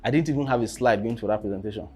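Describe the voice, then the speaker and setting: A young man, coaching on presentations in a casual teaching talk. He keeps asking "you understand?" and breaks into sudden loud bursts. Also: lowish voice, rapid-fire, breathy edge, faint music behind.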